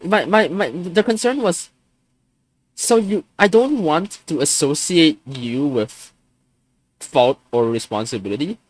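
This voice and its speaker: On a live stream, a man in his twenties vents his frustration, swearing and often stumbling and restarting sentences. His voice is a little high and expressive, and he speaks unhurriedly.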